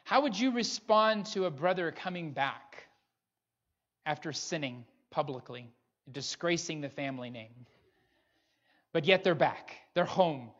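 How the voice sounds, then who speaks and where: A man's voice: on the high side, animated, measured pace, a bit bright. A man preaching a sermon as pastor, earnest and pressing his listeners with rhetorical questions. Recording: dull lo-fi recording.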